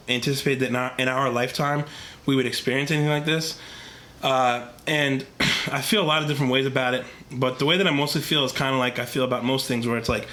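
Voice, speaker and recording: A man's voice: medium pitch, bright, forceful tone. A young man with a stuffy, congested voice from a cold, earnestly talking straight to his camera in a rambling vlog full of fillers. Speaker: vlogger. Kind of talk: casual talk to camera. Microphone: camera mic, talking to camera.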